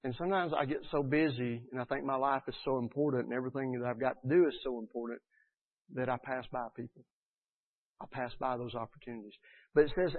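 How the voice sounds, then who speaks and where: A man preaching a sermon in an earnest, animated way, acting out the people he quotes. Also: medium pitch. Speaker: pastor. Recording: tinny phone-like sound.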